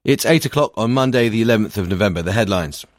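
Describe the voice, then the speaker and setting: A man reads the radio headlines crisply and formally. His voice sits fairly low, and the sound is close and dry. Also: lively intonation, fast, no echo. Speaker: radio presenter. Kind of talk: reading news headlines.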